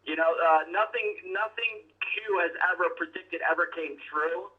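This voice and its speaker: A man's voice: a little high, normal speed. A man calling in as a talk show guest, talking in a rambling, opinionated and insulting way. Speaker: guest on a phone line. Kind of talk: casual political talk show chat. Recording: tinny phone line.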